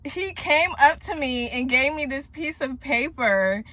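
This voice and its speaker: A woman's voice: high voice, lively intonation, unhurried, pushed and bright, no echo. A woman in her thirties chatting to her viewers from a parked car, rambling through a story and often addressing them directly. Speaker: vlogger, single mom. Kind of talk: casual chat to viewers.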